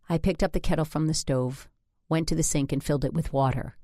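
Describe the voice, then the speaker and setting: A woman reads first-person narration in a low, steady voice with a wry, dry edge. The studio recording is dry and close to the mic. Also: brisk, no echo. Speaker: audiobook narrator.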